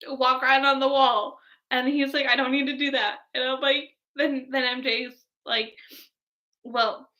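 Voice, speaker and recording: A young woman vlogger chatting casually about a movie, gushing and excitable, filling her talk with "like". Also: sits high. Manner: gushing, heavy use of "like", excitable fangirl tone. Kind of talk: casual movie review chat.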